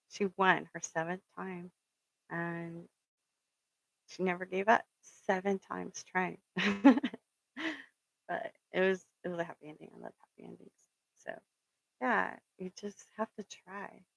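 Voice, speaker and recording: A woman's voice: on the low side, creaky, no room sound, low-quality recording. A middle-aged woman, host of a spiritual reading channel, in a casual, rambling motivational talk. She fills her story with ums and earnest pep talk, and swears now and then for emphasis. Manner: rambling and storytelling, with many fillers.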